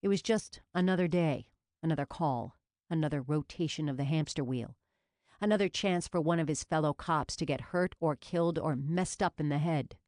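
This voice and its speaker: A woman narrating a police novel as an audiobook in an even, measured reading. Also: low voice, dry recording, studio quality. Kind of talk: scripted narration.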